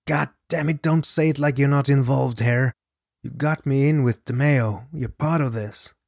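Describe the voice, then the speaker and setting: A man voicing a desperate male gambler in debt, pleading frantically in a raised pitch. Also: moderate pace, gravelly, a little mellow, no echo, clean studio sound.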